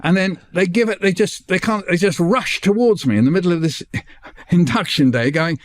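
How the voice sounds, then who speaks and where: An older man, a guest on the show, telling a lively anecdote and acting out the voices of the people in it. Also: high-pitched, moderate pace, no room sound. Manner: animated, acts out voices in his stories. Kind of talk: anecdotal storytelling.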